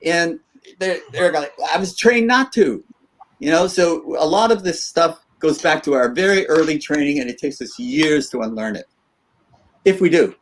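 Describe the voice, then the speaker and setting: A man's voice: on the high side, normal speed. A middle-aged man co-hosting a podcast, talking in an earnest, reflective way. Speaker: podcast co-host. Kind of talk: casual podcast talk.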